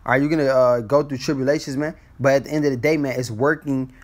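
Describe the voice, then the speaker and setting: A man's voice: mid-range voice, steady tone, fast. A man teaching scripture in a casual, blunt street style, ending almost every phrase with "man". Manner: blunt and profane when exhorting.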